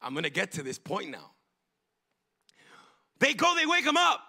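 A male pastor delivering a fervent, emphatic sermon that rises into bursts of shouting. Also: high-pitched, wildly swooping pitch, moderate pace, creaky, slightly rough. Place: church.

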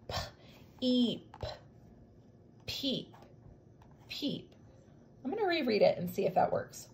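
A woman teaches young children to read in a remote lesson. Her voice sits a little high and swings widely in pitch as she encourages them. She stretches out each sound when she reads words aloud. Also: slightly rough.

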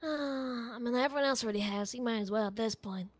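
A woman's voice: fairly high pitch, quick pace, no echo. A woman playing a character in a game roleplay, talking in a hesitant way, repeating words and trailing off. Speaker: roleplay player.

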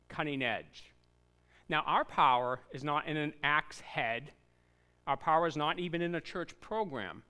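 A man pastor preaching a sermon in a church, telling the story with lively voiced asides and rhetorical questions to the congregation. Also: fairly high pitch. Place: church sanctuary.

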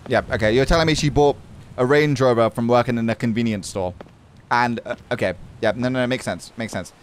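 A man's voice: mid-range voice, brisk, smooth. A man giving casual, sarcastic, joking commentary on a horror game. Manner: animated, joking, swears, sarcastic. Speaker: gaming creator.

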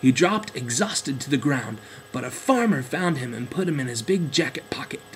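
Expressive man reading a storybook. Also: medium pitch, normal speed, a little hiss or hum, poor audio. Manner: expressive, gentle. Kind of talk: storybook narration.

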